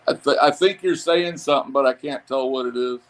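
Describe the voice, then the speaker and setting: A man's voice: mid-range voice, brisk. An easygoing, encouraging man chatting casually on a livestream, talking into a phone. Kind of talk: casual chat.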